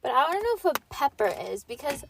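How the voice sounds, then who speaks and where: A woman's voice: sits high, big pitch swings, fast, gravelly, a bit bright, slight background noise. A young woman hosting a solo podcast, chatting casually and rambling with constant filler words, her voice a bit stuffy and sniffly from a cold. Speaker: podcast host.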